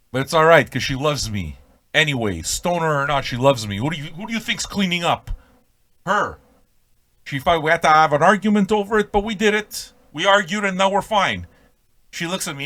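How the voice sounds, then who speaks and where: A middle-aged man hosting a casual radio show, rambling and swearing in a jokey way, with sudden loud bursts. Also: medium pitch, animated, fairly quick. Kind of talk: casual profane radio banter.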